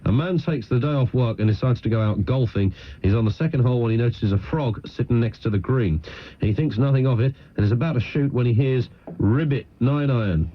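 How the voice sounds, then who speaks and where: A man's voice: medium pitch, fast talker. A man hosting late-night talk radio, telling a joke in a self-mocking way and laughing at his own material. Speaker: radio host. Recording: dull lo-fi radio broadcast.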